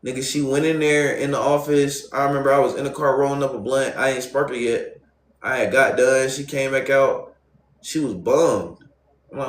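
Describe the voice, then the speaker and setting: Young man telling a story in slang, roomy sound. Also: mid-range voice. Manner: loose, profane, street slang, speaks straight to viewers. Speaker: streamer. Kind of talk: casual storytime to a live chat. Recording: roomy echo.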